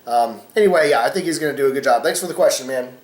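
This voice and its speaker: A man's voice: medium pitch, rapid-fire. Rambling man in an echoey room. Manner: rambling, cusses freely, lots of fillers. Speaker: vlogger host. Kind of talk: casual opinion vlog.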